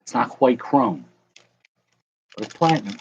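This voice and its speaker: A man's voice: medium pitch, animated, measured pace, gravelly. A young man chats loosely with his viewers as he rips open card packs, cracking jokes and greeting people by name. His voice sits in a middle register. The stream audio is slightly dull, with a faint hiss behind it. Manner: chatty, joking, talks to viewers in chat by name. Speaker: card breaker livestream host. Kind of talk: casual livestream chat while opening trading card packs.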